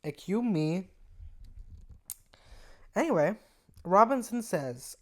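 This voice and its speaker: A young adult hosts a podcast, reading messages aloud and picking them apart with casual, profane sarcasm. The voice sits in a middle pitch, and the disbelief comes through in the delivery. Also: expressive, normal speed, darkish tone. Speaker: podcast host.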